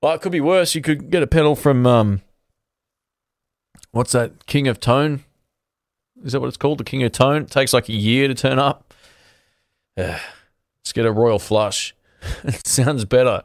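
A man's voice: medium pitch, measured pace, long pauses, dry recording, clean studio sound. A man hosting a guitar channel, chatting casually on a livestream and answering viewers, rambling and restarting his sentences in an easygoing way.

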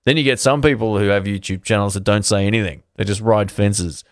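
A laid-back man with a fairly low voice chats on a live stream about guitar gear. He rambles and restarts his sentences in an easygoing way, and the sound is close and dry. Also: fairly quick, no room sound. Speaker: guitar channel host. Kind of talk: casual livestream chat answering viewers.

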